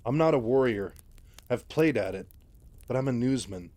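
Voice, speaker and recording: A man's voice: medium pitch, expressive, normal speed, darkish tone, natural voice. A man voicing a tired, unsure male war reporter who speaks hesitantly, in a sci-fi game-lore retelling. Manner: hesitant, plain-spoken.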